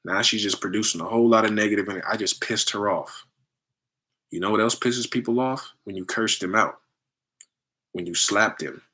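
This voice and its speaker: A man with a low, bright, forceful voice talks loosely to his listeners. He acts out the people in his stories in high voices and comes back to plain talk in between. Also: brisk, breathy edge. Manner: animated storytelling, acts out others in high voices; loose conversational slang. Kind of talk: casual spiritual talk.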